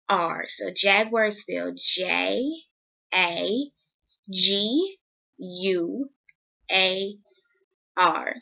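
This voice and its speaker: A woman's voice: medium pitch, very slow, vocal fry, long pauses, pushed and bright, muffled recording. A young woman teaching young children a phonics lesson, patiently stretching out each letter sound and encouraging them.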